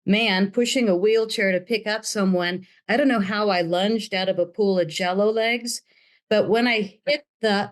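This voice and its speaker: Older woman, interview guest, animated storyteller who plays out every quote. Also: mid-range voice. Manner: dramatic, acts out quoted voices.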